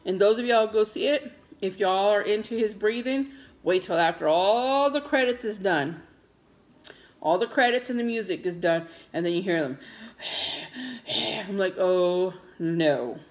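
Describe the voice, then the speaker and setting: A woman's voice: medium pitch, normal speed. Middle-aged woman, casual vlog chat, dramatic storytelling, at home. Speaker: vlogger.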